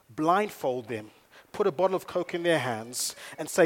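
A man preaching a sermon as a pastor. He moves between quiet storytelling and loud, emphatic preaching. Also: a little high, normal speed.

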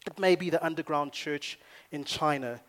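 Energetic preaching man, rather high voice. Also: moderate pace. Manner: energetic, storytelling, rising to loud emphasis. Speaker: pastor. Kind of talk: sermon. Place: church in Nairobi.

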